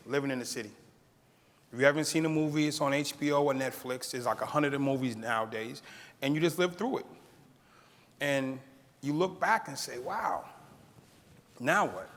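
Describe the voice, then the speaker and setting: Man, middle-aged, keynote storytelling, somewhat high voice, acts out quoted voices, long echo of a large hall. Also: a bit bright. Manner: laughs at his own story. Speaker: keynote speaker. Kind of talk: storytelling speech to an audience.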